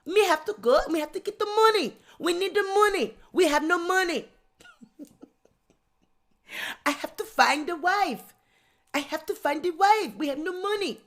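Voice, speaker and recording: A sheepish middle-aged African husband voiced by a woman mumbles in a low, hushed voice with a West African French accent. He dodges everything with flat, deadpan refusals. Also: moderate pace, long pauses. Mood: pleading. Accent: put-on West African French.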